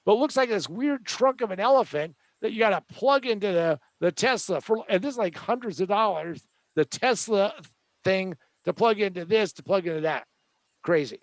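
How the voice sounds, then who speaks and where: A man's voice: sits high, expressive, moderate pace, no room sound. A man hosting a show, delivering a joking, sarcastic tech rant with a rambling manner. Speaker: host.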